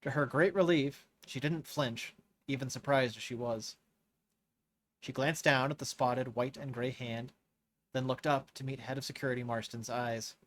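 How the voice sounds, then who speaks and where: A man hosting a live reading of a novel, narrating in a measured way and rereading lines he stumbles on. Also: mid-range voice, fairly even intonation, fairly bright tone. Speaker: host reading a novel aloud. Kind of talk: scripted narration read aloud live.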